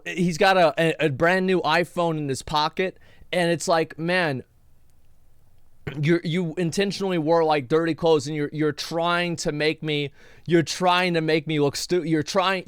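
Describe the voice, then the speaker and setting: A male streamer rants in exasperation, repeating himself as he reacts to a clip. His voice sits a little high and sounds smooth and clear. The close mic is dry, with soft music underneath. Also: dry recording. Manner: exasperated, ranting, lots of restarts.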